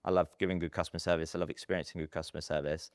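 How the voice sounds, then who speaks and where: A man in his thirties, telling stories in a casual podcast interview, chatty and animated with plenty of fillers. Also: deep voice, rapid-fire, clean tone, no echo, clean studio sound. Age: 30s. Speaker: podcast guest, estate agency businessman.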